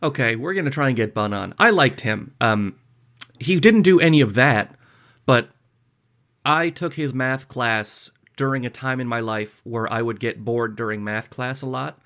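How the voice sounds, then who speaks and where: A man's voice: mid-range voice, moderate pace, fairly bright tone. A young man from Canada co-hosting a podcast in casual chat, with dry, self-mocking humor. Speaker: podcast co-host.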